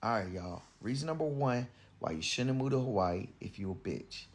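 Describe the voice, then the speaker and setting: A man telling a comic story to viewers in an animated, loud way. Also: medium pitch, moderate pace, slight background noise.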